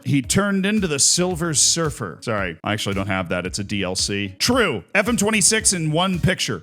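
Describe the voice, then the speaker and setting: A man's voice: a little high, very animated, moderate pace, few pauses, fairly bright tone, soft background music. Sarcastic jokey male gaming commentator. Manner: sarcastic, jokey, exaggerated mock outrage. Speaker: gaming YouTuber reacting to memes. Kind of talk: casual comedic commentary.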